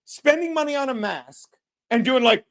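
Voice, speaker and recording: A man's voice: very high-pitched, lively intonation, normal speed. A man hosting a podcast, chatting casually and telling stories in a brash, profane way, often mimicking other people. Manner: brash, profane, storytelling with quoted voices. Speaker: podcast host. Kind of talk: casual chat.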